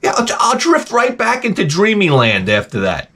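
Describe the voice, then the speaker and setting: A man's voice: high voice, huge pitch swings, normal speed, pushed and bright. A middle-aged man hosting his own show, grumbling through a profane, exasperated casual rant. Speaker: show host. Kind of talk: casual ranting monologue.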